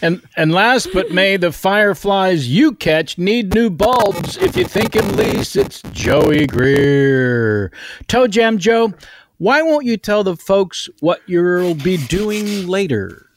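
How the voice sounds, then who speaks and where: A man's voice: sits high, sing-song, slow pace, slight background noise. A man hosting a casual comedy podcast, introducing the guests with jokey nicknames and teasing them. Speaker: podcast host.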